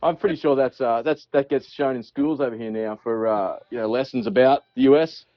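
Calling in to a podcast for casual chat, this Australian-accented guest jokes around, swears and laughs a lot. He speaks briskly at medium pitch, and the recording is dry and muffled.

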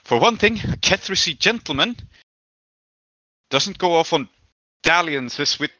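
A man's voice: fairly high pitch, expressive, a little slow, sharp tone, dry recording, voice pushed up. A man voicing a stern, proud middle-aged mother who talks in a clipped, disapproving way. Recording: dull dry lo-fi recording.

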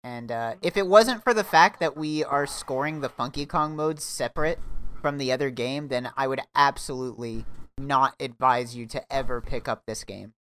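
A man's voice: mid-range voice, normal speed, fairly bright tone. A man hosting a casual, joking game-review podcast, leading the talk and moving it along. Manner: leads the talk, loose and joking. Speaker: podcast host.

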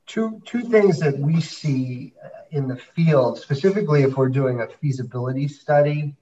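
A man's voice: a little high, normal speed, mellow, recorded from a distance, muffled recording. A man hosting a conversation about fundraising, asking questions and affirming his guests. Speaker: host and fundraising consultant. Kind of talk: podcast conversation.

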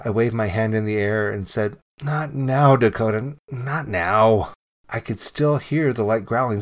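A man reading a submitted true ghost story aloud in calm, measured narration that drops to a hush at times. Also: fairly low pitch.

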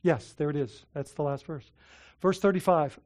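A pastor delivers a sermon in an animated way, stumbling over repeated words and tossing rhetorical questions at the congregation. His voice swings between loud emphatic stretches and quiet, heartfelt asides. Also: fairly high pitch, normal speed.

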